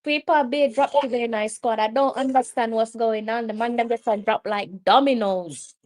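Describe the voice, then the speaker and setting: A woman with a Jamaican accent hosting a live football watch-along, excitable and exasperated, slipping into patois. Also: on the high side, normal speed. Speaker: live stream host.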